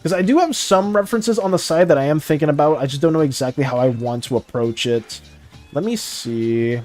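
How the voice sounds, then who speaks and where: With soft music playing in the background, a young man talks fairly quickly and at a fairly high pitch to viewers of his live art stream. His casual chatter is lively and full of apologies, often restarting mid-thought and breaking into laughs.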